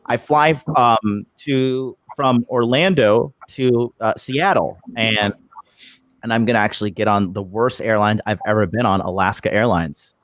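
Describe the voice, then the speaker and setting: Profane animated man telling a story. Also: fairly low pitch, unhurried, no echo. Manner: profane, animated retelling with acted quotes. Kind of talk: casual storytelling. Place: lives abroad in Japan.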